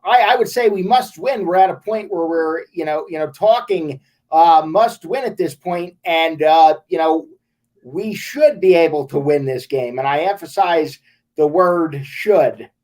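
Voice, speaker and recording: A man from the Las Vegas area hosting a casual sports show, his voice pitched high for a man. He talks in a halting way, stammering over restarts and filling pauses with "you know.". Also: darkish tone.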